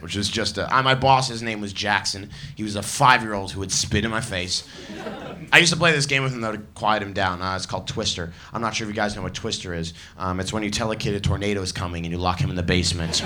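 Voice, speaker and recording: A young man doing a stand-up set, telling stories with wry, deadpan asides. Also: lowish voice. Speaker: stand-up comedian.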